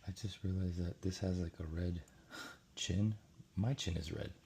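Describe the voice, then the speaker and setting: A man with a very low, gravelly voice and a mellow, warm tone. He rambles casually, thinking aloud as he works on a painting. There is a faint hum of room ambience behind him. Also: fairly even intonation, normal speed. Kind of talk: casual commentary while painting.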